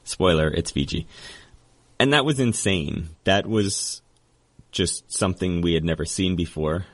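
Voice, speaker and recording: Guy hosting a podcast, really low voice, jokey and chatty. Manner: joking, chatty, quick asides. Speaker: podcast host. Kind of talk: casual podcast chat.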